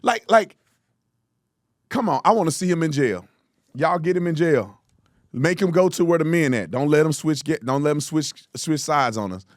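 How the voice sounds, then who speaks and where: A male commentator reacting to clips with loud, mocking energy. His voice sits high and swoops widely in pitch. The sound is dry and close. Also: expressive, moderate pace, dry recording. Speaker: host.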